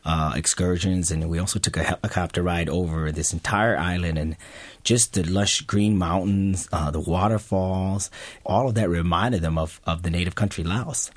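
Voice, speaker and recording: A man telling a personal family story to an audience, earnest and halting, often restarting his sentences. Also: sits low, dry recording.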